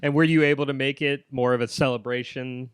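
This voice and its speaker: A man hosting a podcast interview, asking halting questions and often murmuring agreement. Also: medium pitch, fairly even intonation, clean tone, dry recording. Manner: halting, with frequent backchannel agreement. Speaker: podcast host. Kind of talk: casual interview.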